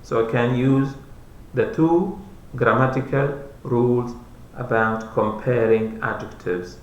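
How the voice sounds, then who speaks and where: A man teaching English grammar, explaining slowly and repeating each rule and example. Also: mid-range voice, fairly even intonation, lo-fi sound. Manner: slow, repetitive, spells out letters. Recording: roomy echo.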